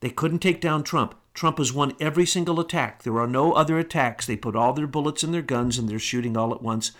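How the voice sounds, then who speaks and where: A man's voice: medium pitch, a little fast, fairly bright tone. A man hosting a talk show, delivering an emphatic, indignant monologue full of rhetorical questions.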